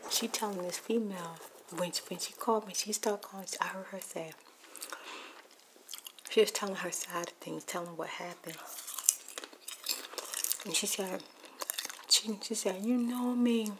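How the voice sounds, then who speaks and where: A woman's voice: fairly low pitch, steady tone, unhurried, pauses often, background noise. A woman telling a rambling neighbor story in a whispered ASMR storytime while eating popcorn, close to the mic. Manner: rambling, gossipy, shifting between whisper and soft speech.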